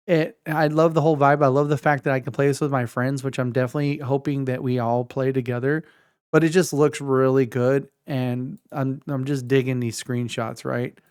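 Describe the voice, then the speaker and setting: Enthusiastic rambling man with a smooth voice. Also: medium pitch, a little mellow, no echo, studio quality. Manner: enthusiastic, rambling with many restarts. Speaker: gaming video host. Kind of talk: casual game preview talk.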